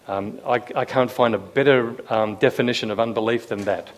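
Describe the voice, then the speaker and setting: A man's voice: medium pitch, a little fast, few pauses. A man preaching a sermon to a room, talking conversationally, asking the listeners questions and acting out quoted lines with a raised voice. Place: room with a live audience.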